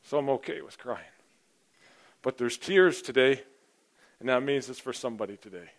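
A man's voice: medium pitch, normal speed. Earnest pastor preaching and praying, man. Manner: earnest, personal storytelling, grows animated. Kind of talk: sermon with opening prayer.

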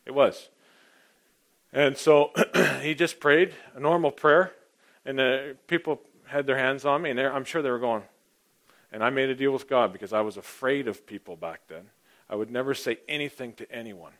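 A middle-aged man preaching a sermon, telling his own story and swinging from hushed asides to loud, emphatic points. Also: medium pitch, moderate pace. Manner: personal testimony, dynamic, swings from hushed to loud. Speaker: pastor.

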